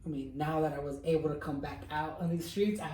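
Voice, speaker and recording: A man's voice: fairly high pitch, a little fast, a crowd in the background. A young man chatting casually with friends, rambling with lots of fillers and frequent laughter. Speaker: friend in group chat. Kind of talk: casual chat among friends. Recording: roomy, distant from mic.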